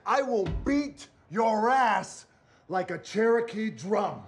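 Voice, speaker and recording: An actor playing a tough, burly male lawman who delivers a slow, deliberate threat in a film scene. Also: high-pitched, lively intonation, a little hiss or hum. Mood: menacing.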